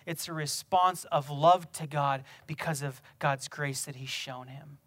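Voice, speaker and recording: A man preaching a sermon, building from quiet reflection to loud, emphatic exhortation with rhetorical questions. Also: a little high, fairly even intonation, measured pace. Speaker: pastor.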